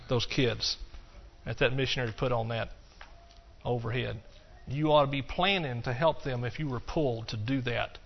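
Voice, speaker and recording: Animated preacher man, lo-fi sound. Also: medium pitch. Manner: folksy and animated, swings between loud and hushed. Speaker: pastor. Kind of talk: sermon. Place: church.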